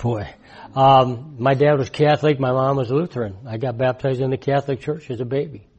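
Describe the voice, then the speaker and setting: A man in his sixties preaching in a conversational, emphatic way, repeating his key points and swinging from loud to hushed. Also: medium pitch, steady tone, a little fast, breathy edge, dull audio. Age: 60s. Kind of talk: conversational sermon testimony.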